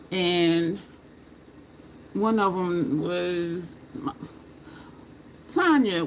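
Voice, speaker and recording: A makeup vlogger with a mid-range voice chats casually while doing her makeup, rambling from story to story and laughing and cursing freely. The low-quality recording has a little hiss or hum.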